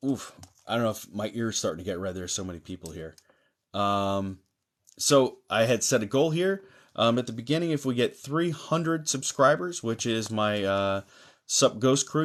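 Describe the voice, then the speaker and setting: Low-voiced man hosting a live reading. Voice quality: chatty, lively greetings, many fillers. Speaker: medium hosting a live stream. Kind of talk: live-stream psychic reading, reading chat aloud.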